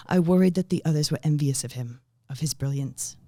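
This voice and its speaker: A man's voice: a little high, normal speed, dark tone, no echo, clean studio sound, lightly acted. A man voicing a kind, genteel lady of the house in her thirties, in a put-on British accent, with prim, airy delivery. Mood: musing.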